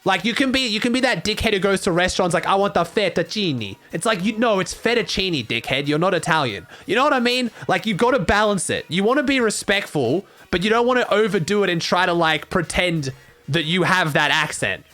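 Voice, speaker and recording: Lively high-voiced man chatting with viewers. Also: a little fast. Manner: rambling, filler-heavy, swears casually. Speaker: streamer co-streaming a tournament broadcast. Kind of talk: casual chat with stream viewers. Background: faint game broadcast commentary and music.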